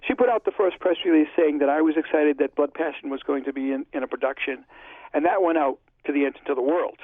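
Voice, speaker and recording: A man's voice: fairly high pitch, fast talker, no room sound. A man being interviewed, telling stories in a chatty way and acting out past conversations line by line. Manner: chatty, retells conversations in dialogue. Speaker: interview guest, filmmaker. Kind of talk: casual storytelling interview. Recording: dry, phone-like line.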